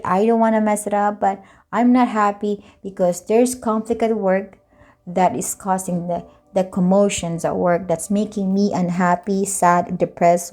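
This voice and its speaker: Mellow-voiced woman giving a tarot reading. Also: medium pitch. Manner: chatty, loosely explaining, repeats and rephrases. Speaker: tarot reader.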